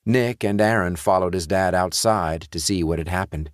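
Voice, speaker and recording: A man reading a horror story aloud in a measured storytelling delivery. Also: sits low, no room sound, studio quality. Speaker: audiobook narrator. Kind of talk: scripted narration.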